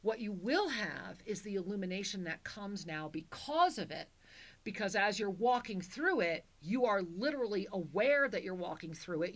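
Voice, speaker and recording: A woman co-hosting a call-in spiritual talk show, speaking in a soothing, affectionate way as she gives a caller a soul reading. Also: mid-range voice. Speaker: co-host and spiritual teacher.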